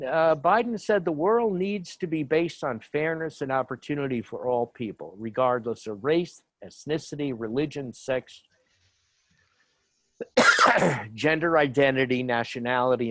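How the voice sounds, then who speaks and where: A man speaks as a panelist in an online discussion, rambling through his points with frequent ums and uhs. His voice sits in a middle pitch, and the sound is dry and close, with no room around it. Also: measured pace, a bit bright, dry recording. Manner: rambling, many fillers and asides. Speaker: panel speaker on human rights. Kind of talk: informal talk, lecturing.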